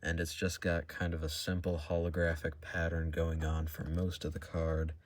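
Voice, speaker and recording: A young man talking casually while opening trading card packs, in a monotone voice that stalls and restarts often. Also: deep voice, moderate pace. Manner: monotone, hesitant with many restarts. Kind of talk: casual unboxing vlog.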